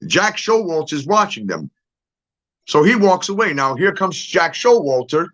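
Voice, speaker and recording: A middle-aged man with a slightly high voice speaks in a casual monologue to his followers. He sounds emphatic and insistent, tags his points with "okay?" and "all right?", and moves about as he acts things out. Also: big pitch swings, moderate pace, a bit bright, lo-fi sound. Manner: moves around, gets up to act things out. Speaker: social media commentator.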